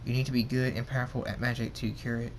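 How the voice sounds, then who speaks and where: A man voicing a calm, matter-of-fact mare nurse in his own voice. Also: mid-range voice, fast, slight background noise, lightly acted, low-quality recording.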